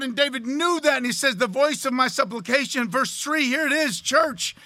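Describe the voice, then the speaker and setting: A man preaching a sermon in a church, loud and excited, swinging from shouting to quiet, close talk. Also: very high voice, moderate pace, hardly any pauses, dry recording. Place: church sanctuary.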